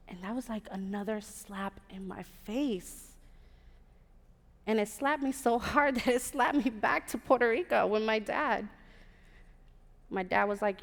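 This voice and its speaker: A woman in her thirties tells a personal story to a live theater audience, animated and acting out the other people's voices. Her pitch sits in the middle range, and the stage mic carries a long hall echo. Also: a little slow, vocal fry. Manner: lively, animated, acts out quoted voices. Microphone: stage microphone.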